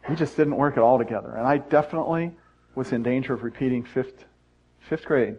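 A man's voice: mid-range voice, a little fast. A pastor in his sixties preaching a sermon to his congregation, telling personal stories in a folksy, conversational way with self-deprecating humor. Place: church sanctuary. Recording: dull, muffled sound.

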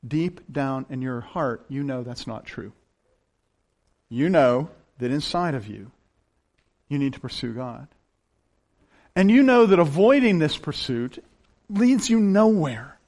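A man preaching a sermon in a folksy, animated way, swinging between loud emphasis and hushed intensity. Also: mid-range voice, takes it slowly, pauses often. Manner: folksy, uses plain down-home examples. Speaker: pastor.

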